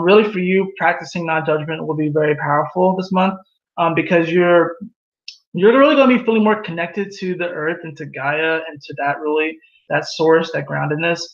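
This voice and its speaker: Male tarot reader, high and chatty, dull lo-fi home recording. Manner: animated, laughs at own jokes, acts out quoted voices. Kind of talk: casual tarot reading monologue. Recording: echoey room, dull lo-fi sound.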